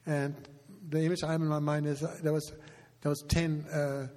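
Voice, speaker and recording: A man, a pastor, speaking to his congregation in a halting, emotional way with touches of humor. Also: fairly high pitch, flat delivery, a little mellow. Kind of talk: heartfelt address to congregation. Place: church sanctuary. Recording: long reverb of a large hall.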